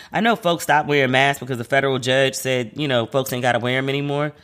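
A man's voice: mid-range voice, steady tone, fast talker, hardly any pauses, fairly bright tone, smooth. A man hosting a casual solo podcast, chatty and slangy, who often acts out the voices of people he quotes. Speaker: podcast host.

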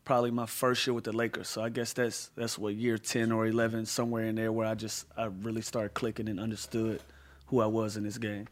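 A man who plays professional basketball, a podcast guest, talking casually and telling stories in a relaxed, easygoing way. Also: on the low side, fairly quick. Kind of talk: casual chat.

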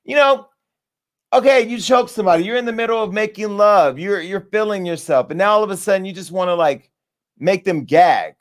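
A man hosting a crude comedic commentary rant, brash and animated, jumping between loud outbursts and low asides. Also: fairly quick.

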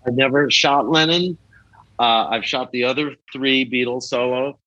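An older man, a rock photographer, is telling stories in a casual interview. He talks in a lively way and slips into the voices of the people he describes. His mid-range voice is recorded close and dry, with no room around it. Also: medium pitch, moderate pace, no echo, highs cut off.

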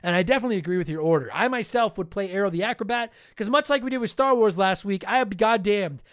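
High, smooth-voiced excitable podcast host. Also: male voice, quick pace, no room sound, clean studio sound. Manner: profane, excitable, self-mocking. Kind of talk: casual solo podcast reading listener comments.

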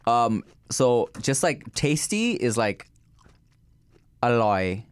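A man in casual podcast chat, laid-back and slangy, laughing often and breaking into excited bursts. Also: lowish voice, moderate pace, no echo. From Thai family.

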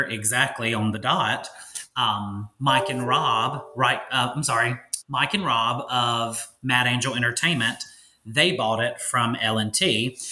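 A man in his thirties from Louisiana, calmly explaining things as a podcast guest in a polite, easy conversational way. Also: medium pitch. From Louisiana, USA. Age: 30s. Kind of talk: casual interview chat.

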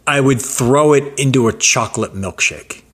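A man co-hosting a casual podcast, joking about himself and telling animated stories. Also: mid-range voice, moderate pace, breathy edge. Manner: self-mocking, playful, animated storyteller. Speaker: podcast co-host. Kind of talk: casual chat and storytelling.

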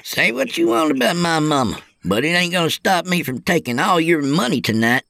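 A man's voice: a little high, big pitch swings, a little fast, gravelly, sharp tone, no room sound, studio quality, pitched above the performer's own voice, exaggerated voice. A man voicing a brash twenty-three-year-old trainee trucker, cocky and a little defensive.

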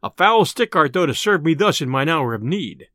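A man's voice: fairly high pitch, very animated, moderate pace, sharp tone, no room sound, clean studio sound. A man voicing a merry, bold male outlaw leader in a storybook reading, hearty and boisterous. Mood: indignant.

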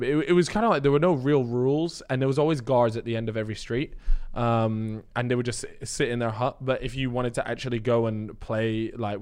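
A man's voice: fairly low pitch, a little mellow. A young man co-hosting a podcast, telling long rambling stories in casual chat full of slang. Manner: rambling storyteller, heavy slang. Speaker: podcast co-host.

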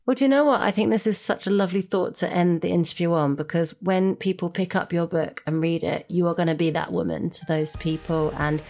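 Low-voiced woman hosting a podcast. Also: fairly quick, hardly any pauses. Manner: warm encouraging, laughs along. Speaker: podcast host.

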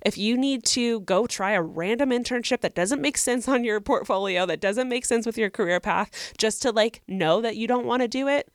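A woman's voice: on the high side, normal speed, hardly any pauses, clear, resonant tone, dry recording, clean studio sound. A young woman co-hosting a podcast, giving earnest, encouraging advice to a listener in casual chat. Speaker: podcast co-host.

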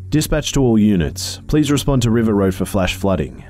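Police dispatcher voiced by a man, official, brisk, mellow tone. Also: lowish voice, big pitch swings, pitched above the performer's own voice. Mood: urgent.

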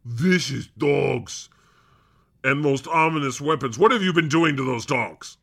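A man's voice: medium pitch, measured pace, vocal fry, a bit bright. A man playing God as a cranky, sarcastic host of a comedy podcast who swears often. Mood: irritable, sarcastic. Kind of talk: improvised comedy podcast chat.

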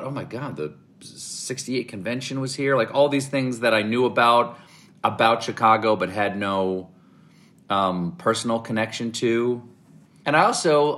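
Brief: southern-raised man, interview guest, low voice, animated storytelling with restarts. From American South. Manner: animated, rambling, with frequent restarts.

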